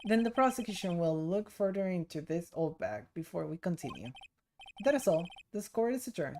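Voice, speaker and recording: A woman's voice: fairly low pitch, expressive, moderate pace, warm tone, a little hiss or hum. A woman doing a formal old judge. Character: pompous elderly male judge.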